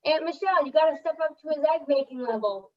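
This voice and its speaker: High-voiced young woman on a dull call. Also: quick pace. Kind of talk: casual chat on a video call. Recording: dull, lo-fi video call audio.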